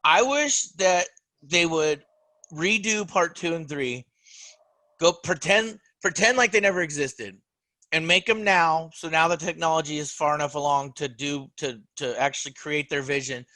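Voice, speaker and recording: A man with a bright, slightly raised voice talks movies on a podcast, animated and loose, swearing as he acts out scenes. The sound is dry and close, with no room around it. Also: fairly high pitch, moderate pace, no room sound. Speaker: podcast co-host. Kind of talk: casual chat.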